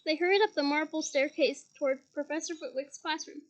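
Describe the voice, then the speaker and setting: High-voiced woman reading a novel aloud. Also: brisk. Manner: breaks off with chatty asides and laughs at slips. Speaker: audiobook reader.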